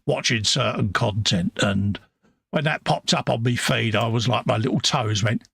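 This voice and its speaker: A man's voice: mid-range voice, moderate pace, vocal fry, fairly bright tone, breathy edge, dry recording. A British man co-hosting a live hobby stream, reading viewer comments aloud in jokey casual chat. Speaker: co-host of a live modelling stream.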